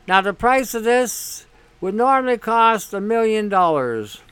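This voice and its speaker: A man hosts a casual monologue in a high, smooth, clear voice. He talks bluntly, swears freely and leans on sarcasm. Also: big pitch swings, a little slow, a bit bright. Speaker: host.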